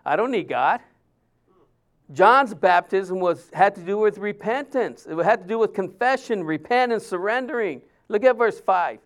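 Male pastor, sermon, high voice, smooth resonant tone, casual preaching with fillers. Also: animated, moderate pace, few pauses. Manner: conversational preaching, many fillers and restarts.

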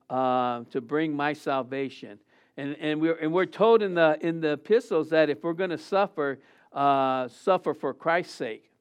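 A man's voice: a little high, clear, resonant tone. Man preaching a loose, rambling sermon. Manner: rambling, with many fillers and restarts; voice swells on quoted lines. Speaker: pastor. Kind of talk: casual Easter sermon.

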